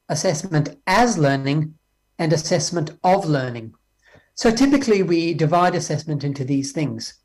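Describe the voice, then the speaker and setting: An Australian man giving a conference keynote on education, talking lively and acting out exchanges with teachers. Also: a little high, moderate pace. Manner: lively, acts out dialogues with teachers. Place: speaking remotely from Australia.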